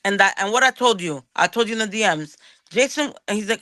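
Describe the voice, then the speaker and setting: A woman delivers a heated, profane call-out, tripping over and repeating her words as her anger builds. Her voice is bright and edged, recorded dry and close with no room around it. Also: mid-range voice, expressive, fast, no echo. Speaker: guest on a streamer's show.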